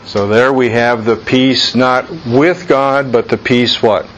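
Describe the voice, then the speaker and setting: A man's voice: medium pitch, fairly even intonation, slow pace, fairly bright tone, highs cut off, a little hiss or hum. A man leading an informal Bible study, talking earnestly and conversationally, repeating his points for emphasis.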